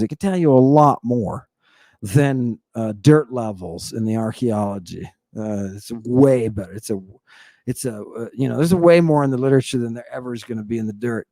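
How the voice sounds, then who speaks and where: A man giving an informal slide lecture in an emphatic, teasing way, pausing for rhetorical questions and asking "right?" again and again. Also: mid-range voice, darkish tone, no echo, studio quality. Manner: teasing, addresses the audience directly.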